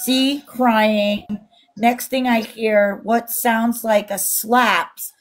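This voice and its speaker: A woman's voice: on the high side, fairly even intonation, extremely slow. A woman co-hosting a casual livestream, reading viewer comments aloud in an indignant tone. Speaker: livestream co-host. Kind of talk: casual live-stream chat.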